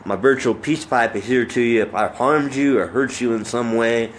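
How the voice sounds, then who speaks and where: A man's voice: mid-range voice, moderate pace, slight background noise. A man from Oklahoma giving a personal video update, talking earnestly and a bit preachy, rambling with fillers and restarts. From Oklahoma, United States. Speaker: vlogger.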